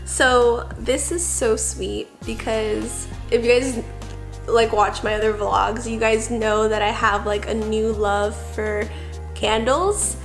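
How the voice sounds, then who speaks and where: Young woman, vlogger, chatty, gushing, bit high-pitched, soft music behind. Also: fairly even intonation, slow pace. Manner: gushing, chatty, repeats fillers like "like" and "I don't know". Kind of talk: casual vlog chat.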